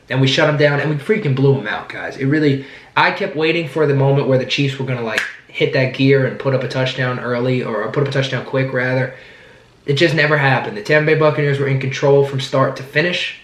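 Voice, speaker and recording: An excited man talks through a sports season in a fan vlog, rambling and circling back on his words. His voice sits at a middle pitch and rings in a roomy, echoing space. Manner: enthusiastic, rambling, repeats words. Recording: roomy echo.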